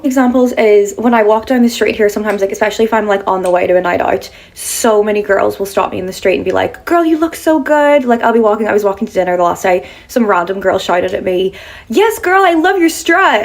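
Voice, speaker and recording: A woman's voice: mid-range voice, creaky, darkish tone. A young woman from Ireland with an Irish accent, chatting casually in a vlog with lots of fillers. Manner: chatty, filler-heavy, upbeat.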